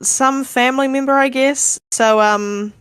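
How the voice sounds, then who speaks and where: A woman's voice: sits high, steady tone, a little slow, a bit bright, clean tone, no room sound, studio quality. A woman playing in a casual tabletop game, wry and easygoing. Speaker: player.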